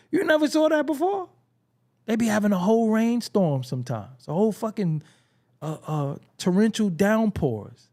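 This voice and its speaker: A man hosting a hip-hop commentary show, ranting in a casual, profane, comedic way with frequent laughter. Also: sits high. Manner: profane, animated, laughing often, mocking imitations.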